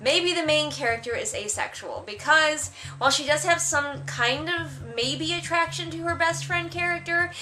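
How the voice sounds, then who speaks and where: Woman book vlogger, high-pitched, bright, sarcastic and exasperated. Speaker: book reviewer. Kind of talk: casual vlog review.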